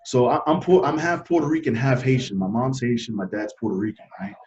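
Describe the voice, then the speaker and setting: A man's voice: mid-range voice, fast, a crowd in the background. Earnest male guest, dull lo-fi sound. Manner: earnest, animated storyteller with frequent laughs. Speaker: podcast guest. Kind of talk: casual storytelling interview.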